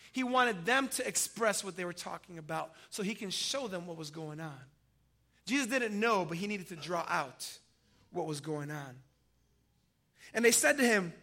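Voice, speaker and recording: In his sermon, a pastor with a high male voice vividly recounts a story from scripture, swinging from loud stresses to quiet, hushed passages.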